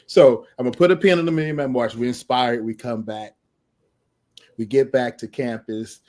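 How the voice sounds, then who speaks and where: A middle-aged man telling a lively personal story as a podcast guest, laughing often and acting out the people in it. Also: medium pitch, moderate pace. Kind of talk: animated storytelling.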